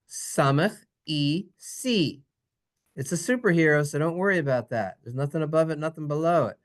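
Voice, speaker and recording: Brief: playful lesson narrator, singsong and teasing, very lively pitch. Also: moderate pace. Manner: animated, jokey, singsong. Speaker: teacher.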